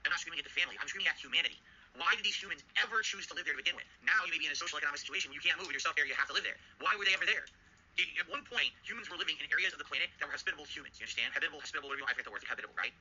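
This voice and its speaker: A man's voice: fairly high pitch, very fast, bright, forceful tone, lo-fi sound, slight background noise. An American man streaming live, ranting indignantly with lots of swearing and rhetorical questions while reading his chat. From United States. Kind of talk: livestream rant and chat reading.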